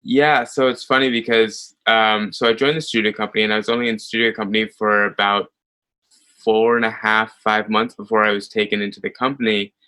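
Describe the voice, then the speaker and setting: A man in his thirties with an American accent, a ballet dancer telling stories in an interview, animated and full of fillers. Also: lowish voice, brisk, smooth, rough recording. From United States. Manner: animated storytelling with frequent fillers and laughs. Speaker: ballet soloist guest. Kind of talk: conversational interview.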